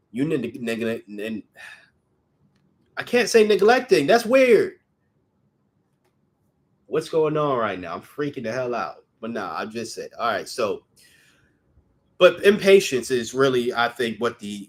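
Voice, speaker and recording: A man's voice: lowish voice, fairly bright tone. A young man giving a casual tarot reading, chatty and rambling, who sometimes stumbles over his words. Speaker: tarot reader.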